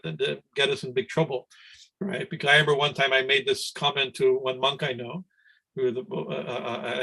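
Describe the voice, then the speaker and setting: A man's voice: medium pitch, a bit bright, low-quality recording. A middle-aged man, a swami, giving a spiritual discourse to students over a video call, talking loosely with many restarts and asides of "right?". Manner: rambling, conversational, frequent "right?" and restarts. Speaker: swami teaching scripture class.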